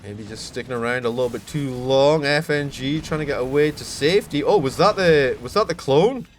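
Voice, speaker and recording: A Scottish man commentating on a live esports match, chatty between plays and shouting with excitement when a fight breaks out. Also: mid-range voice, brisk, slight background noise. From Scotland. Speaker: esports caster.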